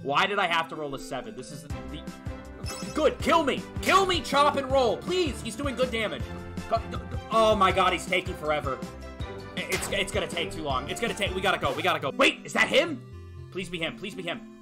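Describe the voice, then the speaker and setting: A man streaming a video game, giving frantic, excitable commentary as he yells, laughs and swears. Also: sits high, a little fast. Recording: game music playing clearly behind.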